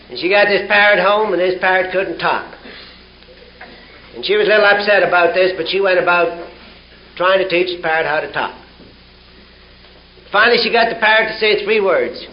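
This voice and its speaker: A man's voice: high voice, moderate pace, long pauses. A man speaking at a recovery meeting, telling folksy jokes and laughing along with them, on a dull 1970 tape. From Canada. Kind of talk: humorous storytelling talk.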